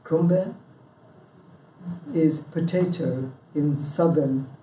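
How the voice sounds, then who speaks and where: Leading a local branch meeting, a man presents informally and quizzes his live audience, chatty and prone to restarting, with frequent "yeah?" and "you know." His slightly high voice is warm and unhurried, recorded from a distance in an echoey room with a little hiss or hum.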